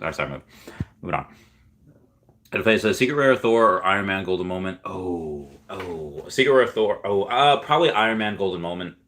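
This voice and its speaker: Low-voiced man hosting a casual livestream. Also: pushed and bright. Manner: rambling, reads viewer comments aloud. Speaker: livestream host.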